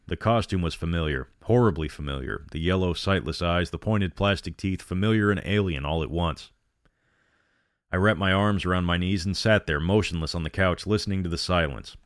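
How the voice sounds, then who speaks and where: Deep-voiced man narrating a horror story. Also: no room sound, clean studio sound. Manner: tense, dramatic storytelling.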